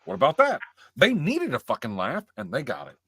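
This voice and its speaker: Lively, argumentative man podcast co-host. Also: on the high side, fairly quick, slightly rough, dry recording, studio quality. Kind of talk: casual chat.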